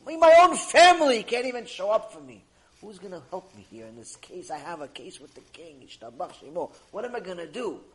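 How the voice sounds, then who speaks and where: A man's voice: on the high side, expressive, fast, a little hiss or hum, close to an everyday voice. A man voicing a frightened, desperate man who pleads anxiously for help. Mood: pleading.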